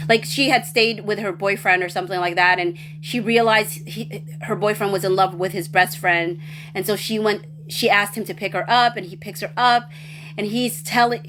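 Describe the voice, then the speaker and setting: A woman hosting a livestream, reading viewer comments and rambling excitedly with many restarts. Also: mid-range voice, a little hiss or hum. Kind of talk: casual chat.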